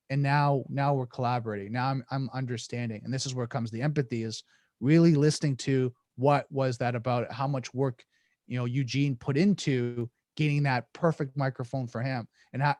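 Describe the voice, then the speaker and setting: A negotiation coach guests on a podcast, explaining things in an earnest, casual way and acting out sample dialogues, restarting often. His mid-range voice has a darkish tone in a dry recording.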